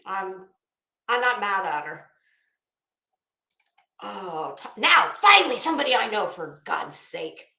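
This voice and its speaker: Sassy woman with a bright, echoey sound. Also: medium pitch, very animated, takes it slowly, long pauses. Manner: chatty, opinionated and sassy. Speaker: fashion commentator. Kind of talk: casual commentary.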